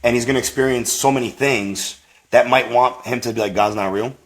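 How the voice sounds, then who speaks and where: A man, a podcast guest, tells a personal faith story in a rambling, animated way, with lots of fillers and acted-out quotes. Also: mid-range voice, brisk. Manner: rambling, full of "like" and "you know"; animated, acts out quoted voices.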